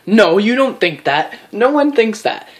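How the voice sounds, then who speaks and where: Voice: medium pitch, unhurried. A young adult vlogger rambling casually to camera, swearing freely and acting out little quoted scenes. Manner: profane, rambling, animated with acted-out quotes.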